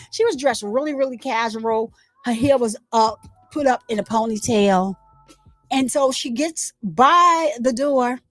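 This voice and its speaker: A woman with a high voice hosts a casual commentary, retelling events with plenty of animation. She acts out what the crowds shouted and speaks with open indignation. Faint music plays behind her. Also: no room sound. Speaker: commentary channel host.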